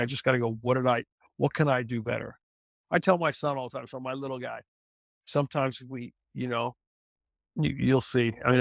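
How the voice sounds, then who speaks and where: A middle-aged man with a gravelly edge in his voice tells stories on a podcast, often restarting and repeating phrases as he goes. The sound is close and dry. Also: mid-range voice, dry recording. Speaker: celebrity fitness trainer, guest. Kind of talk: candid interview conversation.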